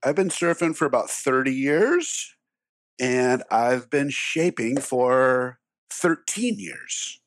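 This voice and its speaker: A man being interviewed, joking crudely and swearing in a deadpan way. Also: mid-range voice, takes it slowly, dry recording, studio quality. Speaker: interview guest. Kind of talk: casual conversation.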